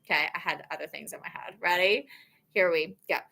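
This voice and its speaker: A woman's voice: lowish voice, fairly even intonation, brisk, gravelly, sharp tone. A woman music teacher giving an upbeat, encouraging instrument lesson, counting the beats aloud in a chanting way. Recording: instruments playing along.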